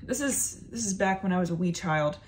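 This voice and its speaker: A woman's voice: on the low side, brisk, heavy background noise. A young woman in her twenties, a stand-up comedian from North Carolina, telling a funny story in a casual vlog and acting out her family's voices. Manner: animated, acts out voices of family members.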